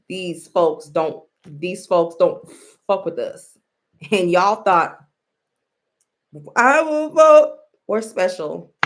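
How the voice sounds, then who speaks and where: A woman's voice: fairly low pitch, creaky. A woman giving casual commentary, blunt and profane, often rambling and restarting her sentences.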